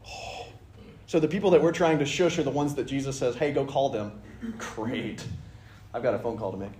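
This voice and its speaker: An enthusiastic man leads a relaxed Bible study discussion, jumping in to act out lines from scripture. His voice sits in a middle register. The recording has a roomy church-hall echo. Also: medium pitch, moderate pace, a little hiss or hum. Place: church meeting room. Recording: roomy room sound.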